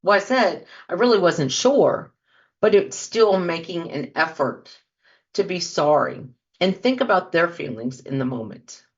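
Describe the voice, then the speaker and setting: The woman hosting this podcast has a lowish, animated voice and an unhurried pace, chatting with listeners and demonstrating example apologies. The audio has its highs cut off.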